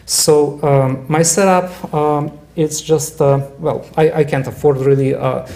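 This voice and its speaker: Halting man giving a club talk. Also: on the high side, steady tone, creaky, darkish tone. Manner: halting, many fillers and restarts. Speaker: club presenter. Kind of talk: casual club presentation. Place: club meeting room.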